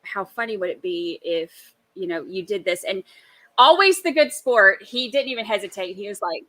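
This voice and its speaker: Bright, giggly woman. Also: medium pitch, animated, moderate pace, no echo, rough recording. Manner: giggly, chatty, laughs loudly. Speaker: co-host. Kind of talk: casual livestream chat.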